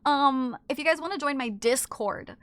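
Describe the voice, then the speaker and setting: Bright, high-voiced woman streamer chatting. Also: moderate pace, dry recording. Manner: playful, teasing, swears a lot. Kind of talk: casual live-stream chat, reading chat aloud.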